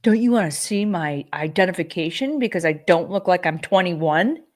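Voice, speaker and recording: A woman hosting a casual podcast chat, telling lively stories and swearing freely. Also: fairly low pitch, moderate pace. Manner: animated storyteller, swearing freely. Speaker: podcast host.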